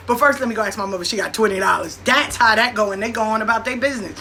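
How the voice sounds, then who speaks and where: Bright-voiced blunt New grandmother. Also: medium pitch, very fast, hardly any pauses, slight background noise. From New York. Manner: blunt, profane, animated with acted-out quotes. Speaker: host. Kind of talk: casual storytelling monologue.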